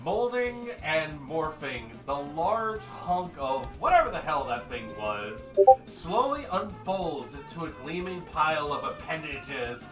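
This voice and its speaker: A man's voice: on the high side, sing-song, measured pace. A man narrating a tabletop game as game master in a casual, laid-back way, swearing freely. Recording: roomy and distant, music behind.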